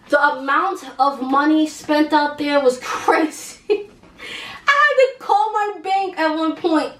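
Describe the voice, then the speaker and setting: High-voiced young woman telling a story. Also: unhurried, echoey room, recorded from a distance. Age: young adult. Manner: animated, slangy, laughs while telling. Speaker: vlogger. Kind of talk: casual storytime.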